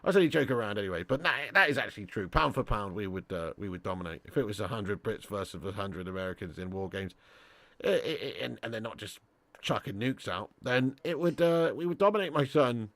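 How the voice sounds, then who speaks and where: A man's voice: fairly low pitch, expressive, quick pace, fairly bright tone, no room sound. Laughing man bantering on a live stream. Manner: banter-heavy, laughs often, joking boasts. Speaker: football watch-along host. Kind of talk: live-stream chat reading super chats.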